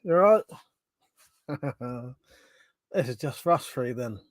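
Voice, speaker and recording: A man's voice: medium pitch, lively intonation, takes it slowly, dry recording. A man hosting a casual live stream, chatting with viewers, swearing and laughing often, with a runny nose.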